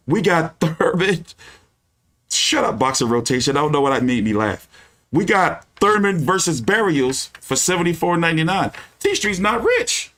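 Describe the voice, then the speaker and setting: Profane, rambling boxing streamer. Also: male voice, on the high side, a bit bright. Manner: loose, profane, ranting with many fillers. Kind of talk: casual live-stream commentary.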